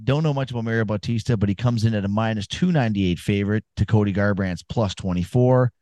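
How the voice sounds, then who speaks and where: A man's voice: lowish voice, fast, warm tone, no room sound. A man co-hosting a casual sports podcast, telling rambling, profane stories and giving fight picks. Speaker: podcast co-host.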